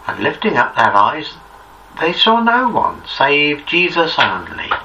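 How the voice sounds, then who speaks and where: A man reading scripture aloud in a measured, reverent narration. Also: a little high, wildly swooping pitch, gravelly. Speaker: scripture reader. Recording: distant muffled recording, faint hiss.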